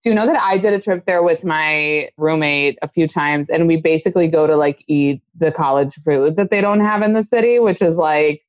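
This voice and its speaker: A woman's voice: low voice, normal speed, hardly any pauses, no echo, lo-fi sound. A woman hosting a podcast, chatting casually and rambling as she swears freely. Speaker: podcast host.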